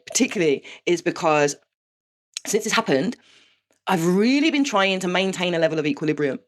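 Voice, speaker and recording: A woman talking candidly to camera in a confessional vlog, frank and sweary, with rueful laughs. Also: mid-range voice. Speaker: vlogger.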